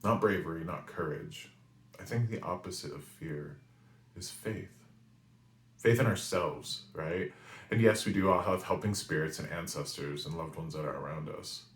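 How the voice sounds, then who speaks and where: With a very low voice, a New England man in his forties tells a story animatedly in monologue form, often stopping to ask "right?" He is a spiritual reader and weekly message host, and the recording sounds roomy and echoey.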